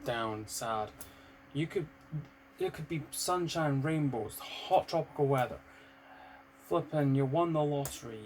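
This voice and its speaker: A British man in an unscripted vlog, candid and rambling, swearing now and then. His voice sits at an ordinary middle pitch, with a faint hum of room noise behind him. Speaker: vlogger. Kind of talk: unscripted personal vlog monologue.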